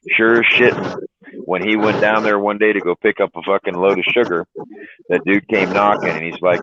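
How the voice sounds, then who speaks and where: Brisk and a bit bright, this man's low-pitched voice keeps fairly even intonation, with no echo on the dry, tinny phone-like line. As a livestream trucker he rambles through profane stories, saying "you know" and "right?" a lot.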